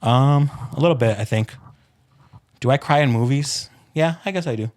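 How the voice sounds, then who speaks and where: Young male co-host, relaxed and earnest, casual podcast chat. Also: mid-range voice, moderate pace. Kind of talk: casual chat among friends.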